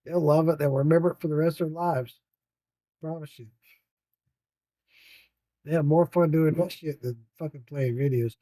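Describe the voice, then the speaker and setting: Profane laughing grandpa telling stories. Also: male voice, a little high, fairly even intonation, normal speed, pauses often, mellow, no room sound. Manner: profane, rambling, laughs often. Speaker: storyteller, grandfather. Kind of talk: casual storytelling.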